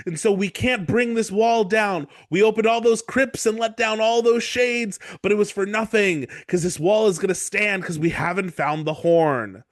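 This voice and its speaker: A man's voice: high-pitched, normal speed, hardly any pauses, voice pushed up, close to an everyday voice. A man voicing a fierce young wildling woman who is weeping as he retells a story. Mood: tearful.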